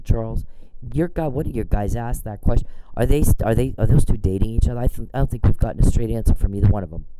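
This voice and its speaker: A man's voice: on the low side, background noise. A man talking in a casual, blunt and profane rant, sounding exasperated. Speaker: commentator.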